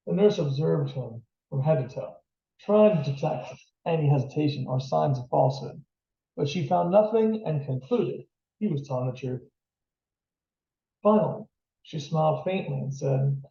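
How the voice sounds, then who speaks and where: Author reading his novel aloud, plain steady delivery, gravelly, slightly high voice, distant roomy sound. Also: normal speed, muffled recording.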